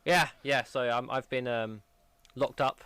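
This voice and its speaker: A man's voice: mid-range voice, fairly even intonation, measured pace, a bit bright, clear, resonant tone, no room sound. A man, chatting casually on a podcast, hesitant and easygoing. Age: 20s. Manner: hesitant, full of fillers and restarts, easygoing. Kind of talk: casual chat.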